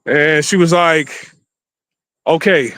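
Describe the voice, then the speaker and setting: A man with a fairly high voice tells a dating story in loose, animated slang, acting out what each person said. He walks through a city holding his phone camera, and the sound is dry with no room echo. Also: takes it slowly. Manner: animated, slangy, acts out quotes. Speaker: vlogger. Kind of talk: casual storytelling while walking. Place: outdoors in a city. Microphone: handheld phone camera.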